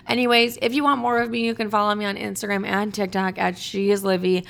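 A woman's voice: mid-range voice, flat delivery, quick pace, creaky, few pauses, a bit bright. A woman in her twenties hosting a casual solo podcast, chatty and playful, swearing freely and saying "like" constantly. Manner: chatty, profane, playful, says "like" a lot. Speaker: podcast host.

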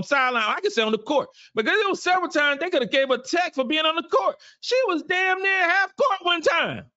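Animated man, bright voice. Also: extremely high pitch, no room sound, highs cut off. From South Carolina. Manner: animated, repeats phrases, reads viewer comments. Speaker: podcast host. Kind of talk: casual postgame show talk.

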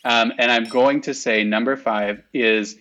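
A man's voice: mid-range voice, fairly even intonation, unhurried, a bit bright, lo-fi sound. A man chatting as a podcast guest, self-deprecating and chatty, with frequent hesitant fillers. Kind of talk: casual chat.

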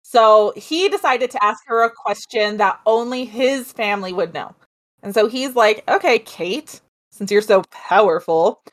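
A woman co-hosting a podcast, casually retelling a ghost legend with chatty asides. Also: mid-range voice. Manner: chatty, animated, with asides and laughs. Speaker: podcast co-host telling a story. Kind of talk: casual storytelling chat.

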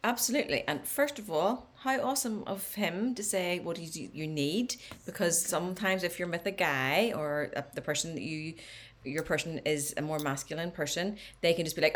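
A woman talking on a podcast, giving animated advice and coaching the host, sometimes dropping to a near whisper. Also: sits low, normal speed. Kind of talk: casual podcast chat.

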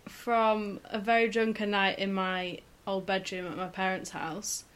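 A woman's voice: mid-range voice, little pitch movement, a bit bright. A young woman, chatting and telling stories to her best friend on a casual podcast, often giggling. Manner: rambling, giggly, quick storytelling with acted quotes. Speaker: podcast co-host.

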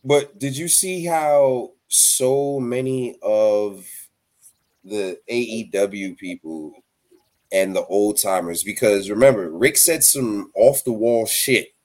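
A man's voice: fairly low pitch, slow, a little mellow. A man co-hosting a casual wrestling podcast, crude and profane, joking and laughing easily. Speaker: podcast co-host.

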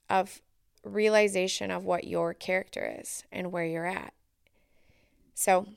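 A woman's voice: medium pitch, creaky, clean tone, no echo, clean studio sound. A woman hosting a solo podcast, talking in a reflective, earnest way and thinking aloud with fillers. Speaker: podcast host.

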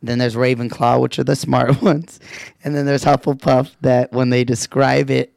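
Gravelly laid-back man chatting. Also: mid-range voice, level tone, normal speed, a little mellow, no room sound. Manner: laid-back, swears, laughs often, acts out quotes. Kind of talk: casual chat.

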